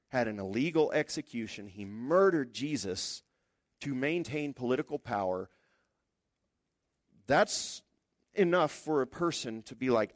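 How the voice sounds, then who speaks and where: A man preaching a sermon in a conversational, lively way, acting out the quotes. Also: medium pitch, no room sound, studio quality. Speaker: pastor.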